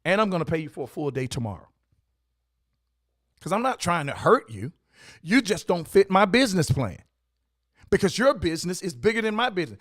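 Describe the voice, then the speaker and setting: A man's voice: high voice, big pitch swings, a little fast, pauses often, a bit bright, no room sound, studio quality. A man who owns a coffee shop and hosts the show, telling stories and giving motivational advice in an emphatic, repetitive, preacherly way. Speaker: coffee shop owner and host. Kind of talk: motivational storytelling talk.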